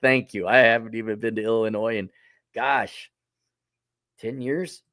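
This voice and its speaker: A man's voice: on the low side, fairly even intonation, unhurried, a bit bright, dry recording, clean studio sound. A man hosting a casual opinion monologue, talking in a blunt, sardonic, profane way. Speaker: host.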